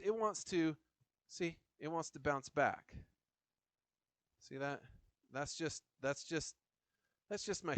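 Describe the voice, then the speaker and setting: Lively saber coach, dry close sound. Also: male voice, a little high, dry recording. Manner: lively, chatty, jokey asides with laughs; counts drill calls while moving. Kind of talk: demonstration lesson.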